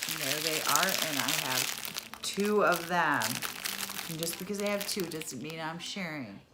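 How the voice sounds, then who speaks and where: Amid background noise, a middle-aged vlogger with a medium-pitched voice chats casually while unboxing a subscription box. She exclaims over each item and laughs when she mispronounces something.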